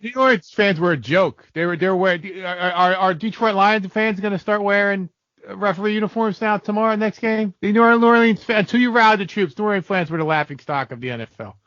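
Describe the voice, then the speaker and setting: A man's voice: high-pitched, brisk, fairly bright tone, no room sound, muffled recording. A man co-hosting a sports betting podcast, ranting heatedly and swearing through casual chat. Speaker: podcast co-host.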